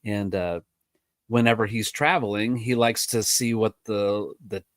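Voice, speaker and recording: A man hosting a podcast, chatting in a relaxed, joking way and giving frequent short agreements. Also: on the low side, unhurried, no echo, clean studio sound. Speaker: podcast host and drum teacher. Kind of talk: casual chat.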